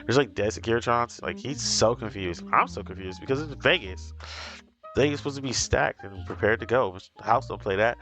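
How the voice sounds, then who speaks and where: A man casually recapping and reviewing a show, chatty and excitable, peppering his talk with "like". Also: mid-range voice, fairly quick. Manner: excitable, chatty, heavy use of "like". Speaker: video reviewer. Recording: voice over background music. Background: music.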